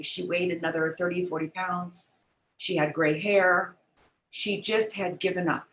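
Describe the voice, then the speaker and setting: A woman's voice: fairly low pitch, a bit bright, echoey room, rough recording. An older woman telling a heartfelt personal story as an interview guest, earnest and chatty, over a video call. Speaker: guest, business founder. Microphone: online event, video call.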